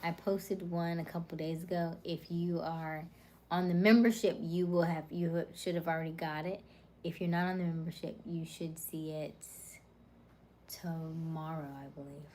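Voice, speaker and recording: A woman's voice: fairly low pitch, steady tone, normal speed, mellow, slight background noise. A woman hosting a casual livestream, reading viewers' comments and rattling off personality traits in short, upbeat lists. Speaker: livestream host.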